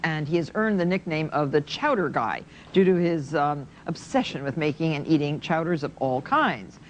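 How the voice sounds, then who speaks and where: A woman's voice: deep voice, animated, moderate pace, slight background noise. A woman from New Jersey hosting a cooking segment, chatting and chiming in with her own kitchen tips. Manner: chatty, interjecting. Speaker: cooking show host. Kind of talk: casual cooking chat.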